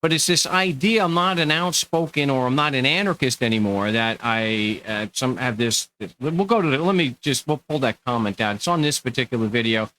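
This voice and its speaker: A middle-aged man with a Long Island New York accent hosts his own channel, rambling to camera in a sarcastic, animated monologue full of restarts. His medium-pitched voice is brisk with few pauses, on a low-quality recording with a little hiss or hum.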